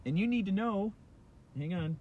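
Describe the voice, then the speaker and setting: Parked at a red light, a middle-aged life coach and hypnotist delivers a passionate, emphatic motivational rant from his car, repeating key phrases to hammer his points home. His voice is high-pitched at a moderate pace, with phone-quality sound and slight background noise.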